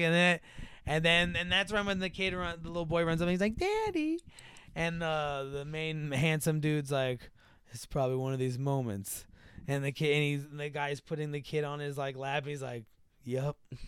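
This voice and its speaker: A man with a fairly high, smooth, clear voice, talking casually and rambling through a film plot with loads of fillers. He keeps jumping up into voices to act out the characters. The sound is dry and close, with no room echo. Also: normal speed, a bit bright. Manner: rambling, filler-heavy, acts out characters in a raised voice. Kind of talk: casual chat retelling a movie.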